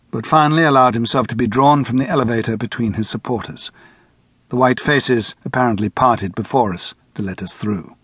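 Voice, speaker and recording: A man narrating an audiobook in the first person, measured and steady, close to the mic. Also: mid-range voice, breathy edge, no room sound. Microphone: close studio mic.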